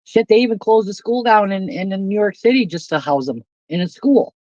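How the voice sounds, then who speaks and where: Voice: medium pitch, animated, fairly quick, a little mellow, no room sound. Blunt, profane speaker on a muffled call.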